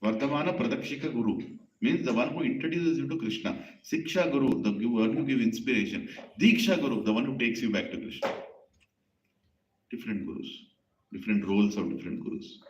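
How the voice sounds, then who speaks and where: A man's voice: mid-range voice, a little fast. Man, storytelling sermon, rhetorical questions, roomy echo, muffled lo-fi. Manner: storytelling, animated, explains terms with rhetorical questions. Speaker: preacher. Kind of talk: devotional sermon. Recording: echoey, dull lo-fi hall recording.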